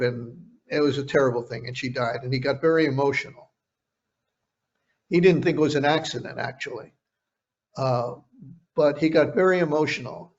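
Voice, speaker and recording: An older man recounts past interviews in a conversational, storytelling way. He often stops and restarts his sentences. His voice sits a bit high, and the audio is dull and lo-fi. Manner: halting, with frequent restarts. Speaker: journalist guest recounting interviews.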